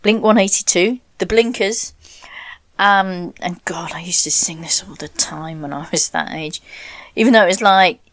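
A woman's voice: fairly low pitch, moderate pace, a bit bright, slight background noise. A woman hosting a casual radio show from home, rambling and self-deprecating with laughs and whispered asides. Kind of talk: casual chatty radio presenting. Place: bathroom, dry close-miked sound. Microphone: desk mic, knocked often.

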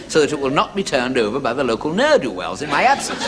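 A man's voice: mid-range voice, wildly swooping pitch, quick pace, few pauses, heavy background noise. A man telling a long joke as a comedian on a radio show, with dry asides. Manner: wry, dry asides, puts on voices for the characters. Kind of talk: stand-up storytelling before a live audience.

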